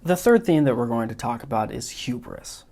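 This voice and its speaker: A man hosting a podcast, giving a measured, analytical film discussion. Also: medium pitch, sing-song, gravelly, dark tone. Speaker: podcast host.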